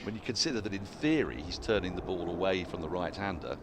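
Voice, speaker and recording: Lively deep-voiced man, cricket commentary. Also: fast talker, noisy background. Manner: chatty, laughs easily, animated. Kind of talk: radio-style cricket commentary.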